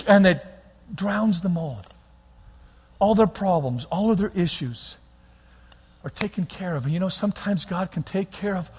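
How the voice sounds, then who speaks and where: A man preaching a sermon, animated, swinging between loud bursts and quiet, near-whispered lines. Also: high-pitched, measured pace, slightly rough, in a large hall. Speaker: pastor.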